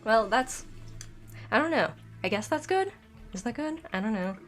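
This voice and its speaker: A woman's voice: on the high side, lively intonation, normal speed, faint music behind. A woman streaming a game and chatting casually, her throat dry from illness and her speech slightly lisped by dental aligners. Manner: chatty, rambling, reads chat aloud. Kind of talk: casual live gameplay chat.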